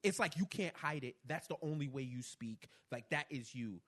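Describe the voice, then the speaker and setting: A young man with a New York accent, hosting a casual podcast chat and telling animated stories with frequent laughs. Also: medium pitch, normal speed. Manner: animated storytelling, laughs often. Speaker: podcast host.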